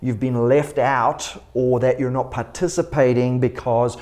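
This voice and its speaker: A man's voice: mid-range voice, steady tone, measured pace, a little mellow. A middle-aged man co-hosting a casual church conversation, telling personal anecdotes and chuckling as he talks. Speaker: church podcast co-host.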